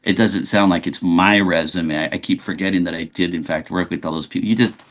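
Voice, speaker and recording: A man's voice: low-pitched, brisk. A man from Los Angeles, a guest actor telling stories in a casual interview and often restarting his sentences. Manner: animated storyteller, frequent restarts.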